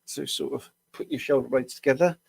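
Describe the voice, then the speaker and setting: Tired UK man coaching a live viewer Q&A at his desk, rambling and self-deprecating, with a gravelly voice. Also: medium pitch, steady tone, a little fast, dry recording. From United Kingdom. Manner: casual, rambling, self-deprecating with small laughs. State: tired after a long day at the screen. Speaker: health coach answering viewer questions. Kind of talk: live Q&A stream.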